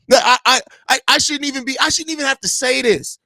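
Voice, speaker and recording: A man's voice: very high-pitched, fairly quick, pushed and bright, dry recording, studio quality. A man hosting a sports pregame show, delivering a heated, profane rant with lots of repetition. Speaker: podcast host.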